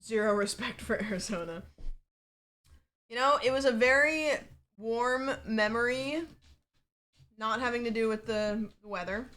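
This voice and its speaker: A woman's voice: on the high side, unhurried, pauses often, a bit bright. A woman livestreamer chatting casually from a home setup, rambling and peppered with fillers and swearing.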